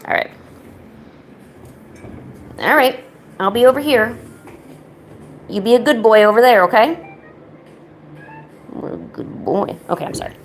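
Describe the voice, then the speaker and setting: A woman's voice: on the high side, expressive, moderate pace, pauses often, slight background noise. A woman chatting casually at home while painting, slipping into playful baby talk with her cats and teasing them. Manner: teasing, chatty, laid-back. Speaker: art streamer.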